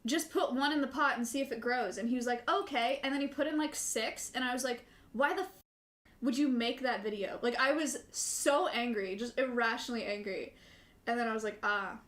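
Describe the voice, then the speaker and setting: Young woman podcast co-host with a slightly higher voice, talking casually in a candid, self-deprecating way. Her voice rings out in a roomy, echoey space. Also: steady tone, fairly quick, fairly bright tone. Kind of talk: casual chat. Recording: echoey room.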